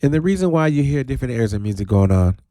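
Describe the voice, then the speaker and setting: Male DJ host, animated and playful, warm low timbre, stretches words into high calls. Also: dry recording, clean studio sound. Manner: animated, playful, swoops into high drawn-out shouts. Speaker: radio DJ host. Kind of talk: casual radio talk show. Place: radio studio.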